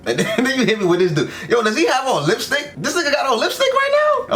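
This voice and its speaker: A young man hosting an anime reaction, talking back at the screen in loose, slangy, excitable commentary. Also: high-pitched, a little fast.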